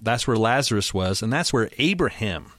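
Low-voiced man reading and asking questions. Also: expressive, normal speed, fairly bright tone, no room sound. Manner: reads verses, then asks leading questions. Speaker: host. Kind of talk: conversational Bible discussion.

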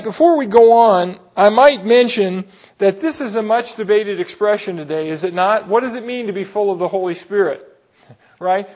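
A man with a high-pitched voice preaches through a Bible passage, working through it verse by verse. He breaks off for explanatory asides and the odd chuckle. The recording sounds dull and lo-fi. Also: darkish tone. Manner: explanatory, with asides and light laughs. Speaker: pastor. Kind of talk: expository Bible sermon.

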